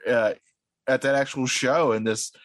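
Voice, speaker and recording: Relaxed man in casual chat. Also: mid-range voice, dry recording. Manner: relaxed, drawn-out, frequent agreeing "yeah".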